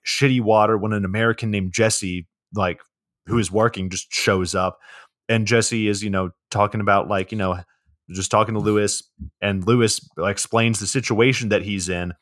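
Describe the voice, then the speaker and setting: A man's voice: lowish voice, a bit bright, dry recording, studio quality. A man co-hosting a podcast, recapping a movie plot in a laid-back way with lots of swearing and fillers. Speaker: podcast co-host.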